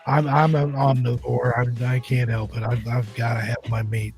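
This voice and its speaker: Over soft background music, a podcast host runs a laid-back live-stream chat show, joking, rambling and restarting. He speaks at normal speed with a flat delivery, medium pitch and a slightly mellow sound, his throat a little scratchy.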